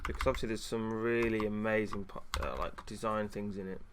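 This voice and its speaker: A man with a fairly low voice chatting casually on a stream. He rants in frustration, stumbling over fillers and restarting sentences. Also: flat delivery, brisk, noisy background. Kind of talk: casual chat.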